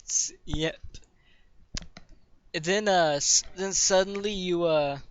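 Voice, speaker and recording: A man's voice: sits high, slow pace, a little hiss or hum. A man narrating a tabletop game as game master, rambling and swearing with lots of fillers. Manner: rambling, profane, many fillers. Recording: dull dry lo-fi recording.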